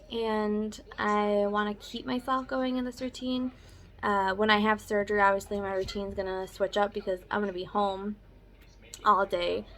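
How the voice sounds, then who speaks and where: A woman's voice: medium pitch, a bit bright. A young woman chatting casually in a personal vlog update, rambling with filler words. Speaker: vlogger.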